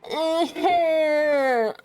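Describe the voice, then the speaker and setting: A woman's voice: sits high, very slow, darkish tone, soft background music. Streamer woman reading game lines in accents. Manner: laughing at herself, slipping between accents. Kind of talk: casual game stream, reading dialogue aloud in put-on accents.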